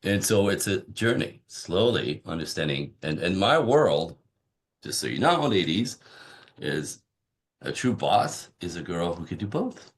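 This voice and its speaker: A man's voice: sits low, measured pace. A man, a relationship coach, talking casually on a podcast and acting out little dialogues from his stories. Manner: animated storyteller acting out dialogue. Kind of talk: conversational podcast interview.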